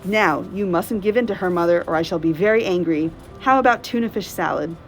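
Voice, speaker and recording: A woman's voice: fairly low pitch, brisk, a little hiss or hum, close to an everyday voice, rough recording. A woman voicing a precocious little boy in a storybook read-aloud, speaking in a matter-of-fact, knowing way. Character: bright, precocious little boy, calm and sure.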